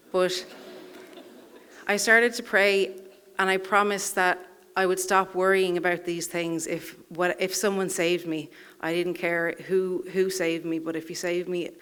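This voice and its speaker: A woman's voice: fairly low pitch, a bit bright, clean tone. A woman telling a personal story live on a theatre stage, in a wry, self-deprecating way, chuckling through her lines.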